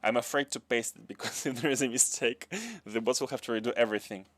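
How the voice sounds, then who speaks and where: A Russian man with a Russian accent tinged with French streams a game, muttering to himself while building and answering chat in a casual way. His medium-pitched voice is fairly even, quick and a bit bright.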